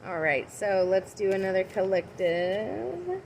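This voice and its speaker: A woman's voice: mid-range voice, sing-song, takes it slowly, a little hiss or hum, low-quality recording. A woman giving a casual tarot and oracle card reading on a livestream from outside her house. She chats and rambles and talks to her viewers by name.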